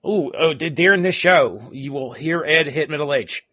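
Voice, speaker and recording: A man's voice: a little high, normal speed, bright, forceful tone, dry recording. A man co-hosting a podcast, telling stories casually with lots of laughter and swearing. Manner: laughing, swearing, rambling storyteller. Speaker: podcast co-host.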